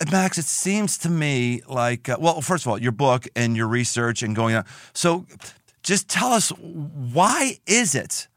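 A man's voice: mid-range voice, a bit bright, no room sound, clean studio sound. An American man hosting a casual interview, chatty and jokey, often repeating his words. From United States. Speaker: podcast host and pastor.

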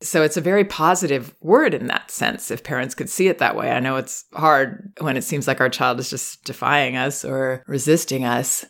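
A woman hosting a parenting podcast, giving advice to a listener in a measured, reflective way and often drawing out her words. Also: rumbling low, creaky, a bit bright.

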